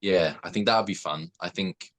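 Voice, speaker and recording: A man's voice: sits low, normal speed, fairly bright tone, poor audio. A young British man, an actor, chatting casually and thoughtfully as a podcast guest. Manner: laughs often, thoughtful and self-deprecating.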